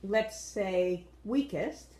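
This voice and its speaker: A woman co-hosting a casual dance-show review, measured and agreeable, steering the talk. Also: medium pitch, mellow, reverberant, low-quality recording.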